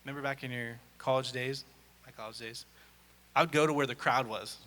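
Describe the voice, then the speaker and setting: A man giving a conference talk on stage, an energetic storyteller who acts out dialogue. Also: mid-range voice, brisk. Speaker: conference speaker. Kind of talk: live presentation talk. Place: on stage in a large hall. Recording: echoey hall.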